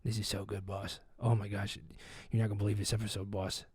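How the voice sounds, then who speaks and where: Hushed scheming TV producer, deep and low, quiet murmuring, a man putting him on. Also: level tone, fast talker, breathy edge, no echo. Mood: gleeful hush.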